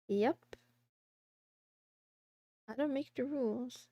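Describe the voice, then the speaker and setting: A woman's voice: on the high side, slow, vocal fry, no echo, clean studio sound. A woman streamer chatting casually while she draws a comic, rambling, giggling and joking with herself.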